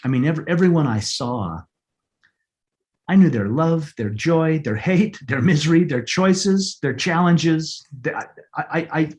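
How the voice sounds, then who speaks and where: A middle-aged man telling a personal story as an interview guest, earnest and halting, often repeating words as he searches for them. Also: on the high side, animated, darkish tone. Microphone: podcast microphone.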